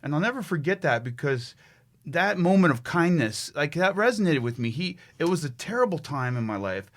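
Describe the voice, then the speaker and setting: With a slightly high, sing-song voice at normal speed, a middle-aged fitness trainer from the United States shares a story as a guest on a podcast. His telling is lively and emphatic, full of restarts.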